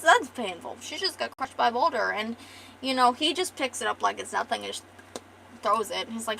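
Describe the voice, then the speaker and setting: A woman's voice: on the high side, normal speed, creaky, bright, forceful tone, a little hiss or hum, low-quality recording. A young woman streamer casually retelling her comic's story, rambling with profane joking asides. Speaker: artist and streamer.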